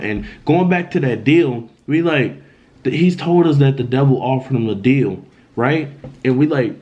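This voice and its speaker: A man's voice: mid-range voice, normal speed, a little mellow, lo-fi sound. A man telling a dramatic story in a casual storytime vlog, in loose slang, often repeating himself. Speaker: vlogger.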